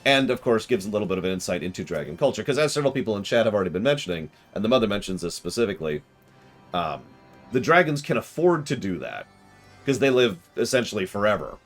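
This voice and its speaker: A man streaming a game, chatting casually and retelling scenes with quick mock voices and exasperated outbursts. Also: on the low side, big pitch swings, soft background music. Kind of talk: casual let's-play commentary.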